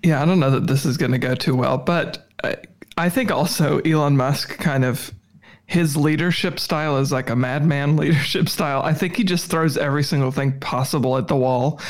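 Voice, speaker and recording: A man's voice: fairly high pitch, moderate pace. A man co-hosting a news podcast in casual chat, with wry, sarcastic humor. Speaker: podcast co-host.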